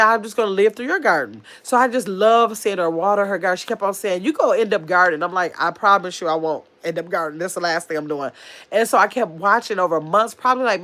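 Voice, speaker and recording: A woman chatting casually on her livestream, telling stories and reading viewer comments aloud. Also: mid-range voice. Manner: chatty, animated storyteller, reads comments aloud. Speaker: livestream host.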